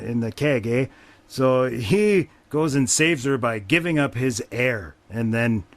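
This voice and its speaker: A man's voice: mid-range voice, no room sound. A man hosting a podcast, casually recapping a movie plot in a wry, rambling way with frequent swearing. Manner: profane, wry, rambling with fillers. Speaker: podcast host.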